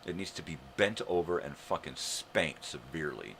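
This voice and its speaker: A man's voice: extremely low pitch, lively intonation, moderate pace, creaky, a bit bright, slight background noise. An older American man hosting a live morning show, talking in a sarcastic, swearing rant. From United States. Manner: profane, ranting, heavy swearing; sarcastic, mocking.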